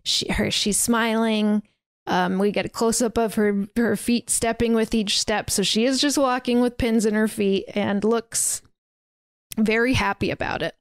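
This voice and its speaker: A woman's voice: a little high, steady tone, measured pace, no echo. A woman hosting a podcast, casually retelling a film scene by scene with lots of fillers. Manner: chatty, retells scenes with quoted dialogue and fillers. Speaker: podcast host. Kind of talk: casual movie recap.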